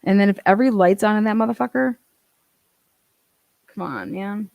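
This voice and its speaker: A woman picking apart a case in loose, casual commentary, talking bluntly and swearing often. Her voice sits at an ordinary middle pitch. The sound is close and dry, with no room around it. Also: moderate pace, gravelly, no echo, highs cut off. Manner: blunt, profane, incredulous. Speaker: true-crime commentator.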